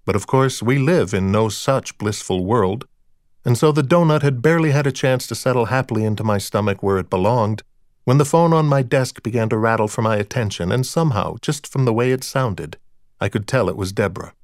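A man narrating a first-person audiobook in a dry, wry, deadpan manner. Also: medium pitch, fairly quick, dry recording.

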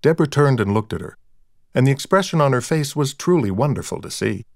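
A man's voice: medium pitch, animated, brisk, vocal fry, a little mellow, dry recording. A man narrating a novel in the first person, with a dry, wry storytelling manner. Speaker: audiobook narrator.

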